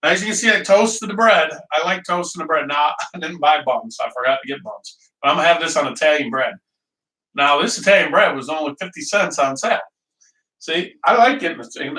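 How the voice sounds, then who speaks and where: A man's voice: on the high side, sharp tone, recorded from a distance. A man hosting a casual live cooking stream from his kitchen, rambling and chatty, greeting viewers by name and laughing often. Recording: echoey room, voice from off-mic.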